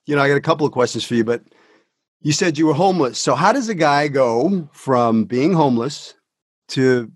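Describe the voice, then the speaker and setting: A man's voice: medium pitch, lively intonation, normal speed, husky, dry recording, studio quality. A man hosting a podcast, chatting enthusiastically with his guest and asking him questions. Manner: enthusiastic, effusive praise. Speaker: podcast host. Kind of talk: conversational interview.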